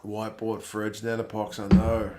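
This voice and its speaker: A man's voice: fairly low pitch, completely flat delivery, moderate pace, heavy background noise. Laid-back New Zealand man chatting. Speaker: live stream host. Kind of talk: casual chat reading viewer comments.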